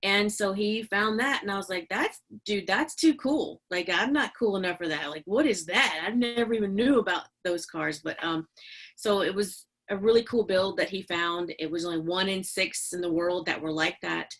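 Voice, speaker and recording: A middle-aged woman, a podcast guest, telling stories in casual interview talk, chatty and animated with many fillers and laughs. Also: mid-range voice, moderate pace. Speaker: podcast guest, business owner.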